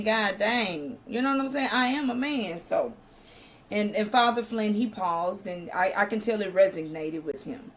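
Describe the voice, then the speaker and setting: Southern woman reviewer, casual recap, emphatic, mid-range voice, lots of fillers. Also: medium pitch. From American South. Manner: chatty and emphatic, with frequent fillers and slang. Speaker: TV show reviewer.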